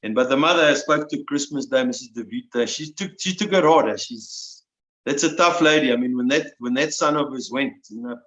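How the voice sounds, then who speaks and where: A man in his sixties, a veteran guest telling his story in an emotional, halting way, often restarting and repeating words. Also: mid-range voice, a bit bright. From South Africa. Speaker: interview guest, army veteran. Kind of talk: personal storytelling. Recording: roomy, dull lo-fi sound.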